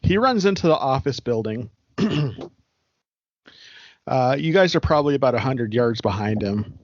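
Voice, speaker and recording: A man running a tabletop horror game, laying out each scene in a matter-of-fact way. His voice is mid-pitched, close and dry, with slightly dull, muffled audio. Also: expressive, normal speed, no echo. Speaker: game master.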